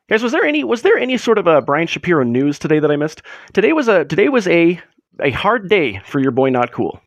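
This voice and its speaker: A man hosts a casual livestream from his room at home. His voice is gravelly and pitched a little high, and it swings widely as he rambles through sarcastic jokes. The sound is close and dry. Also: no room sound. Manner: joking, rambling, sarcastic asides. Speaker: livestream host.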